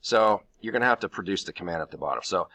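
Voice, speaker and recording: A man's voice: sits low, lively intonation, quick pace, pushed and bright, no echo. A man teaching a Spanish grammar lesson to his class, explaining each step patiently and counting syllables aloud.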